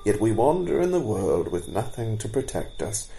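A man's voice: lowish voice, big pitch swings, moderate pace, gravelly, warm tone, soft background music, low-quality recording. A man voicing a brave, bold young male stag in a storybook reading, speaking coolly and earnestly. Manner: cool, earnest.

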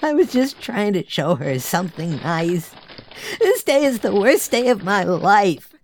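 A woman voicing a gentle young boy who explains and pleads, in a fan-made drama. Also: medium pitch, very animated, slight background noise. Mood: earnest. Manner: quick, pleading. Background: background music.

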